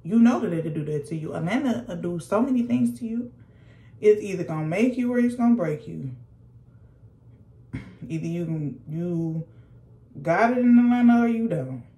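A woman's voice: fairly low pitch, expressive, normal speed, pauses often, mellow, reverberant. A young woman, telling a sassy, slangy storytime while doing her makeup at home. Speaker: vlogger. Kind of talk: casual storytime chat.

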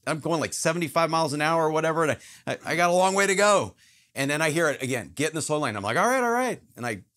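A man's voice: mid-range voice, a bit bright. A man, a guest actor, telling an earnest personal story in casual conversation, emphatic and acting out the voices in it. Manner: earnest, emphatic, acts out quotes in his story.

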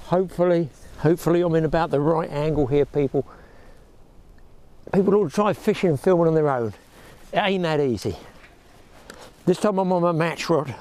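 This middle-aged man, a fishing vlogger, keeps up casual commentary to camera while fishing outdoors beside a windy lake. He speaks at a moderate pace with frequent pauses, his fairly high voice carrying a darkish tone. Wearing a clip-on mic with a lead, he chattily addresses viewers as "people" and "boys."

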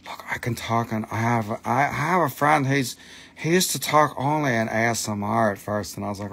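Late at night, a tired man hosts a live crystal sales stream, pitching each piece in loose, non-native English while joking and swearing. He's playful, profane and animated, jumping between teasing and selling at a normal speed. His voice has vocal fry, with slight background noise.

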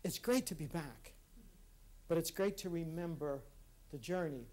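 A man's voice: fairly high pitch, a little mellow. Earnest man giving a reflective talk. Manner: earnest, with halting restarts. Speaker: speaker at a conference. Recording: live talk in a hall.

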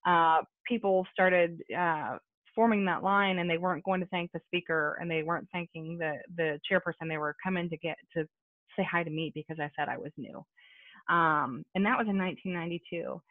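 A woman's voice: on the low side, fairly even intonation, fairly quick, no room sound. A woman telling her recovery story at a support meeting held over a video call, talking conversationally with lots of fillers and asides. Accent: American. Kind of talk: personal testimony at a support meeting. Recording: tinny phone-like call audio.

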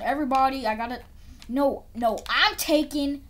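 Woman gamer, casual commentary, chatty, repeats phrases, animated, rather high voice. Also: moderate pace, long pauses. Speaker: gameplay video creator.

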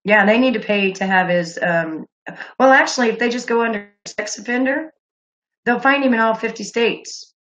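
A woman's voice: fairly high pitch, normal speed, a bit bright, low-quality recording. A woman hosting a call-in livestream, talking bluntly with angry outbursts and lots of swearing. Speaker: livestream host taking calls.

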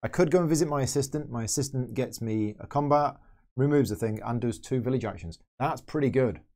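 A man's voice: mid-range voice, fairly quick, darkish tone. A man hosting a board game channel, thinking aloud as he plays through a solo game and explains each move. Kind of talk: solo game playthrough commentary.

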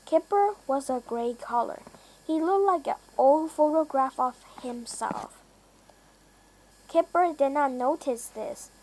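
A woman reads a children's storybook aloud in a careful, deliberate way. Her voice is high and her pace slow. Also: darkish tone, slight background noise, poor audio. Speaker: reader.

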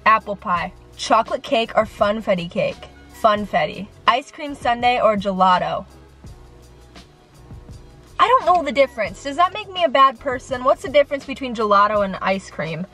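A young female vlogger talks to camera from a room at home in a fairly high, pushed, bright voice, with faint music underneath. Her casual chat rambles and is self-deprecating, and she comes across nervous and sweaty.

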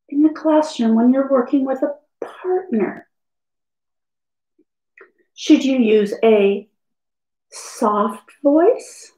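A woman's voice: high voice, dark tone, reverberant, rough recording. A woman teacher giving a lesson to young children in a sing-song, encouraging way.

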